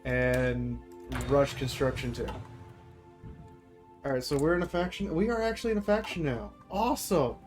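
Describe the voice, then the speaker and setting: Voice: medium pitch, moderate pace, a little mellow, faint music behind. A streamer hosting a multiplayer strategy game, chatting casually and joking with other players. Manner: playful, jokey, bursts into laughter.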